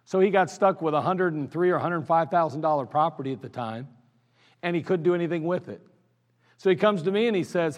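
A man with an Ohio accent preaches to his congregation about the church's early years, telling stories with lively energy and laughing at them. His voice sits slightly high for a man. The service recording carries the long reverb of a church hall. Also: fairly quick. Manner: animated storyteller, laughs at his own stories. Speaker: pastor. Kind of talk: anniversary sermon storytelling. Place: church sanctuary.

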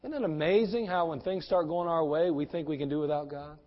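A middle-aged male pastor preaching in a church with a noticeably high voice. He surges into fervent shouts, then drops to near-hushed confidences. The recording sounds dull and lo-fi. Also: brisk. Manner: impassioned preaching, swinging from shouts to hushed tones. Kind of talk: sermon.

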